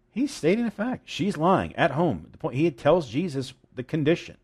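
Emphatic preacher man, slightly high voice. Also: moderate pace, breathy edge. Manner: lively, emphatic preaching with jokes and asides. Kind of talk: sermon.

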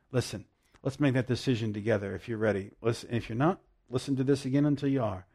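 A man preaching a devotional sermon, emphatic and repeating key lines slowly, at times dropping to hushed praise. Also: mid-range voice, breathy edge.

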